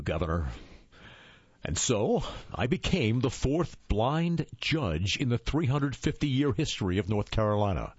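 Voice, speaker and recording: A man from Iowa narrating his memoir as an audiobook, in an expressive storytelling manner with a husky voice. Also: mid-range voice, no room sound. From Iowa, USA. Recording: dull, dry lo-fi recording.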